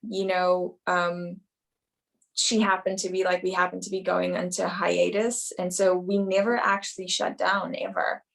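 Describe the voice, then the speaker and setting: A woman's voice: lowish voice, level tone, measured pace, creaky, fairly bright tone. A woman, an actress, talking casually in an interview and filling her sentences with "you know" and "um". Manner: rambling, many "you know" and "um" fillers.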